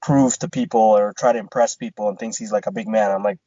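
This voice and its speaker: A man's voice: lowish voice, fast talker, dry recording. Man, podcast co-host, casual storytelling, heavy swearing, dry room, muffled lo-fi audio. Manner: swears a lot, animated retelling with quoted dialogue.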